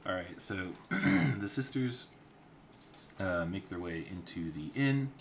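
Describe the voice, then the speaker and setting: A man's voice: sits low, expressive, slow, creaky, a little hiss or hum. A man streaming his storyboard work, narrating in a casual, rambling way with some swearing.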